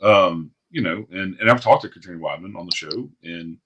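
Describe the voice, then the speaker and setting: A man's voice: sits low, fairly quick, sharp tone, breathy edge, highs cut off. A man hosting a podcast in casual chat, talking bluntly and profanely in a ranting way. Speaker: podcast host.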